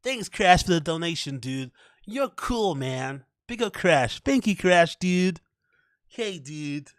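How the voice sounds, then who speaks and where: Man doing a laid-back American dude, mock American accent, higher, sing-song and jokey. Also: animated, takes it slowly, dry recording, studio quality. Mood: goofy.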